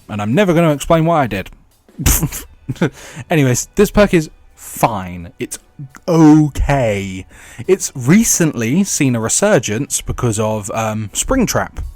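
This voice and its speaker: A man's voice: mid-range voice, no echo. A man giving blunt, rambling game commentary with wry asides. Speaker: gaming YouTuber.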